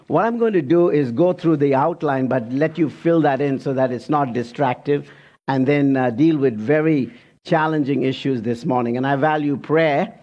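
A man preaching a sermon in church, reading scripture slowly and with emphasis, breaking off for casual asides. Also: medium pitch, dull audio. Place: church sanctuary.

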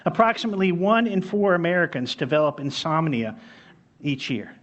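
Male pastor, sermon, high emphatic voice, dull lo-fi recording. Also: moderate pace. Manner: emphatic, repeats key phrases, storytelling.

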